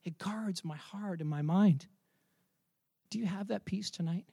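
High-voiced man preaching a sermon. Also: unhurried, vocal fry, mellow, breathy edge. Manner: conversational, repeats words. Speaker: pastor.

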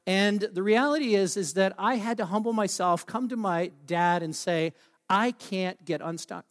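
Man, high voice, preacher, humorous storytelling sermon, self-deprecating, halting with fillers.

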